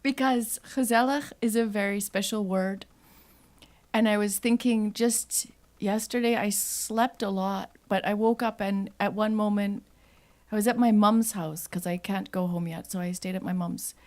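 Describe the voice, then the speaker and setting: A woman's voice: medium pitch, fairly even intonation, moderate pace, a little mellow. A woman at a live open mic, telling a rambling personal story off the cuff and acting out family talk. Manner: rambling, laughs often, acts out family talk. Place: live venue.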